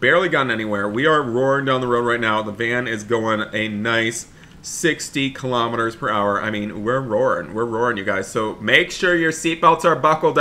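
A young man hosts a gaming video in a strikingly bright, forceful voice at an ordinary middle pitch. He comments on the action with lively energy, talks to his viewers constantly, and jumps into panicked shouts when the game turns scary. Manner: animated, keeps addressing viewers as guys, shouts for help in panic. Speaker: gaming channel host. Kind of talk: excited gameplay commentary.

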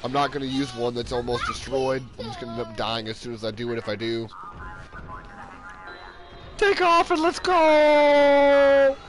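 A man streaming live gameplay commentary into a headset mic, often yelling in frustration and laughing. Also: medium pitch, level tone, fast talker, hardly any pauses, over music, rough recording. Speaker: game streamer.

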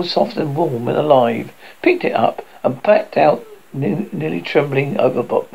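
A man narrating a novel aloud, stumbling over words and correcting himself as he goes. His voice is gravelly and husky, with lively pitch. The recording is dull and lo-fi. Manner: stumbling, self-correcting reading.

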